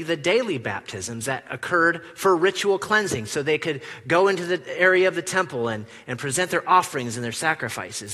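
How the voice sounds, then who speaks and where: A man preaching a sermon in a church, animated, acting out the quoted lines with big swings from loud to hushed. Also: fairly high pitch, long reverb tail. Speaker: pastor. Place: church sanctuary.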